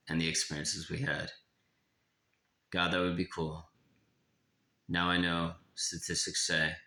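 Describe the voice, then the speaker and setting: Very deep, gravelly man reading somberly. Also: bright, forceful tone. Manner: somber, confessional, slow in places. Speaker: author reading his own writing. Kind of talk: reading a personal memoir aloud. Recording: echoey room.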